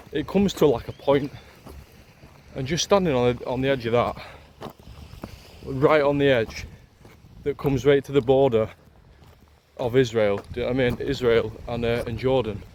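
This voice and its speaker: Excitable Yorkshire man vlogging outdoors. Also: medium pitch, a little hiss or hum. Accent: Yorkshire English. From Leeds, England. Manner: excitable, gushing, repeats phrases and fillers. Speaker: travel vlogger. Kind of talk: casual vlog to camera.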